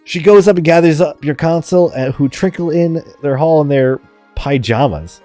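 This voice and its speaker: A man's voice: a little high, lively intonation, normal speed, mellow, no echo, faint music behind. A man streaming a strategy game live, chatting rambly with viewers and laughing often.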